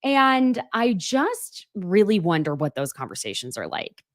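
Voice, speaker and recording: A woman's voice: mid-range voice, very animated, measured pace, no echo, clean studio sound. A woman in her thirties hosting a casual live gossip chat, chatty and fond of pet names and self-mocking asides. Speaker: host of a gossip show.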